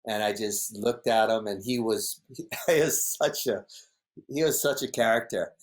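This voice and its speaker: A man, a podcast guest telling a story in a casual, animated way, laughing often and acting out what others said. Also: fairly low pitch, a little slow. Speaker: podcast guest, big wave surfer.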